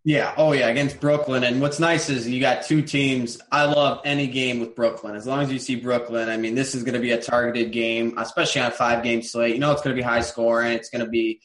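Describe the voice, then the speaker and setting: A man giving casual sports picks as a podcast guest, relaxed and repeating words as he thinks. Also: medium pitch, fairly quick, hardly any pauses, reverberant.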